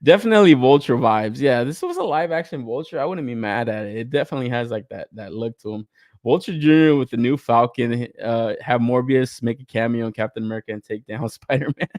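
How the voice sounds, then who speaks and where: Animated swearing young man, dry mic. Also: mid-range voice, fairly quick, no room sound. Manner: animated, swears freely, laughs often. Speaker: podcast host. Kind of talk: casual toy-collector chat reacting to reveals.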